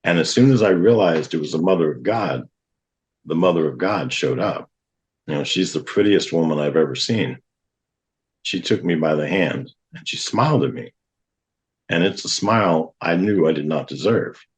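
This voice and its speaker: A man's voice: low-pitched, lively intonation, moderate pace. A middle-aged man, a guest on a talk show, earnestly telling a personal testimony and acting out what others said. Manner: earnest, vivid retelling with acted-out quotes.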